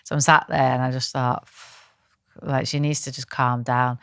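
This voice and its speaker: A British woman telling a story in animated, blunt casual chat, swearing freely. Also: a bass voice, moderate pace, clear, resonant tone, dry recording, clean studio sound.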